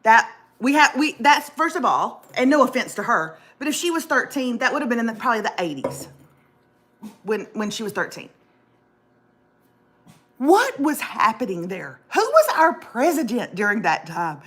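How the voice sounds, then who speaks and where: A middle-aged woman hosting a casual chat show, animated and jokey, calling her viewers y'all. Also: on the high side, moderate pace. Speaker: host.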